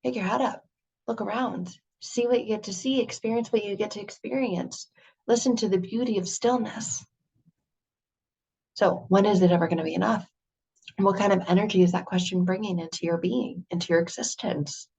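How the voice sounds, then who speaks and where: A woman giving an earnest, animated motivational talk, full of rhetorical questions. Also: mid-range voice, moderate pace, vocal fry, husky. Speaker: motivational speaker.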